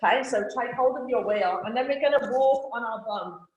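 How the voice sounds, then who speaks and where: A kids' yoga teacher runs a live class, offering playful, encouraging cues one step at a time. Her voice is fairly high and a little quick, the highs are cut off, a crowd can be heard behind her, and the room is very echoey.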